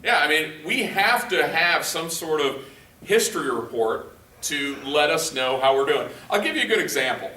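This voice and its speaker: A man's voice: fairly high pitch, lively intonation, moderate pace, bright, forceful tone, a little hiss or hum. A male trainer giving a conversational workshop lecture to a live group, often quizzing the room and using lots of fillers. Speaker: leadership trainer. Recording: echoey room, voice picked up from a distance.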